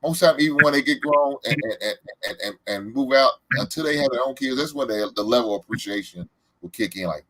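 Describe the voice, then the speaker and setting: Male podcast host in his 40s, husky, dry close-mic sound, easygoing storyteller. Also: mid-range voice, lively intonation, quick pace, a bit bright, no room sound, poor audio. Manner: laid-back, repetitive storytelling with many fillers. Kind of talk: casual chat.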